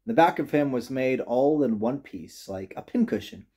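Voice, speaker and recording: A man reading a children's storybook aloud with gentle, expressive narration. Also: mid-range voice, normal speed, husky. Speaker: reader.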